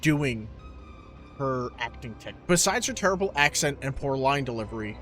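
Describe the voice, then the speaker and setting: A man's voice: mid-range voice, expressive, normal speed, a bit bright, faint music behind. A man co-hosting a casual movie review podcast, ranting with lots of profanity and exasperation. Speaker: podcast co-host.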